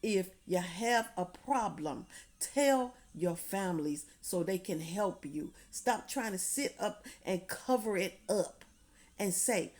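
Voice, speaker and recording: Woman vlogger, mellow tone, preachy and insistent with her advice. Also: medium pitch, expressive, a little slow. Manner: emphatic, repetitive, preaching tone. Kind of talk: impassioned direct-to-camera advice.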